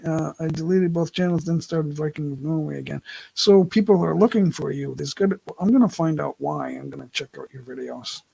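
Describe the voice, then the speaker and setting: A man hosting a casual livestream, his slightly raised voice heavily gravelly and husky. He talks in loose, rambling runs and keeps correcting himself mid-sentence. The sound is dry and close, with no room around it. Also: on the high side, a little fast, dark tone, no echo, low-quality recording. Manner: rambling, self-correcting, laughs often. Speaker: livestream host. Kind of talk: casual live-stream chat. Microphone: laptop mic.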